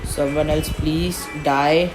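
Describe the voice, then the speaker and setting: A woman's voice: low-pitched, steady tone, slow pace, over music, poor audio. A woman commentating her own gameplay, frustrated and complaining as she plays. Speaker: gaming commentator.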